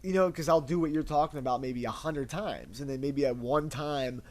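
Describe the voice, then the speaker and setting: A man's voice: mid-range voice, moderate pace, darkish tone. A man co-hosting a casual chat with his wife, talking in a rambling, emotional way and swearing freely. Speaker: podcast co-host, husband.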